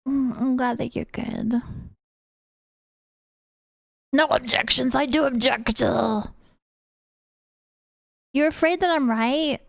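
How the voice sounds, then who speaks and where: A young woman with a British accent chats with her stream viewers in a high, bright register, greeting them and giggling often. She takes her time and lets each thought unfold. Her voice is close and dry on a desk mic, with almost no room sound. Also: unhurried, creaky, long pauses, no room sound. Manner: chatty, giggly, greets chat members. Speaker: VTuber streamer. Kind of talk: casual live-stream chat with viewers.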